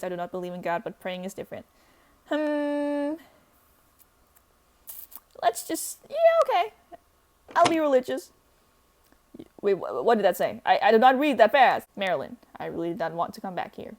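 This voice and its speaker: A woman reading a visual novel aloud, breaking in with dramatic outbursts and jokey asides. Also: medium pitch. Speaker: gaming streamer.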